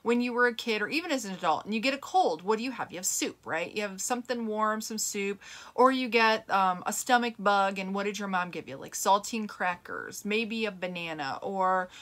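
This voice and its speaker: A middle-aged woman hosts her own health show, chatting straight to her audience in an earnest, rambling way. She circles back, restarts her sentences and leans on fillers as she talks, at an ordinary pitch for a woman. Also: animated, moderate pace, fairly bright tone. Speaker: host of a plant-based health channel. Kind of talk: casual talk to camera and podcast listeners.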